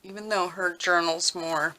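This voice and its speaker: A woman talking casually while she works on a craft project at home, rambling and thinking out loud with lots of fillers. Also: lowish voice, fairly even intonation, measured pace. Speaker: crafting vlogger. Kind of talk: casual craft tutorial chat. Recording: noisy with clicking sounds.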